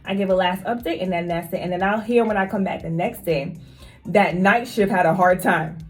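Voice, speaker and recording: A woman's voice: medium pitch, a little fast, faint music behind. A woman who works as a nurse, talking straight to her viewers in an emphatic, casual storytelling vlog. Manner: emphatic, talks straight to viewers, repeats phrases for stress.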